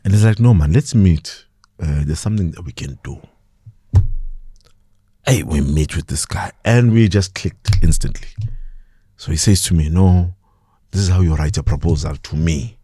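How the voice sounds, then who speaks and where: A man's voice: low voice, moderate pace, pauses often, husky, no echo. A South African man on a podcast, telling stories in a casual interview and acting out the people he quotes. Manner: animated, acts out quoted voices, laughs often. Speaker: podcast guest.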